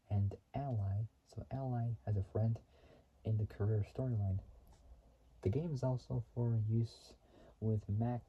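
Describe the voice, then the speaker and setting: A man's voice: on the low side, mellow, husky, lo-fi sound. A man casually talking through a racing game's trivia, rambling and often restarting or correcting himself mid-sentence. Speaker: gaming video host. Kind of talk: casual game commentary.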